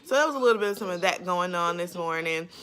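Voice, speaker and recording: A woman's voice: fairly low pitch, lively intonation, fast, bright, forceful tone. A young woman, talking candidly in a casual faith vlog about motherhood, with lots of "like" and "you know.". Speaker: vlogger sharing faith and motherhood.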